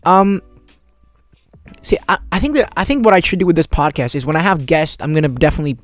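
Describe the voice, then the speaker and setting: A man's voice: fairly high pitch, fast talker, dry recording. A man in his twenties hosting a casual solo podcast, rambling in laid-back slang with cursing. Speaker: podcast host.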